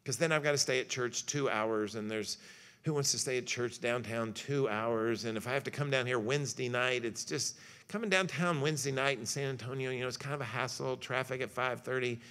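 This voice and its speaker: Bright-voiced man giving a folksy church lecture. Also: medium pitch, steady tone, brisk. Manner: folksy storytelling with jokes and acted-out quotes. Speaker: pastor and guest lecturer. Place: church hall.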